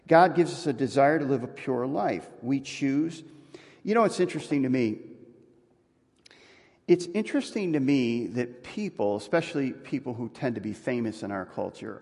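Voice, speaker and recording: A man preaching a sermon as pastor, earnest and building to emphatic, forceful points. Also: mid-range voice, creaky. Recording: long reverb of a large hall.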